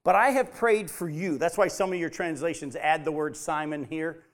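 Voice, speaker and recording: A man's voice: a little high, moderate pace. A man teaching a Bible study, emphatic, repeating his key points and putting questions to the group.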